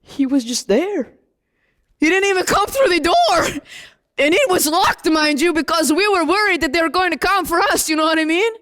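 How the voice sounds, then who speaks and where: A woman playing the apostle John as a young male disciple, telling his story in an animated first-person monologue straight to the audience. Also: extremely high pitch, moderate pace. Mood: excited.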